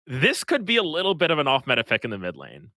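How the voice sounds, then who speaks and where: A man's voice: mid-range voice, huge pitch swings, quick pace, bright, forceful tone, no room sound. A man giving explanatory analysis on a live esports broadcast, in a coaching tone.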